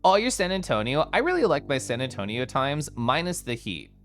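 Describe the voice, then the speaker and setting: A young man from the United States, an energetic streamer chatting casually with his viewers and answering chat, with frequent laughs and asides. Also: medium pitch, fairly quick, faint music behind. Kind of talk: casual live-stream chat, reading chat aloud.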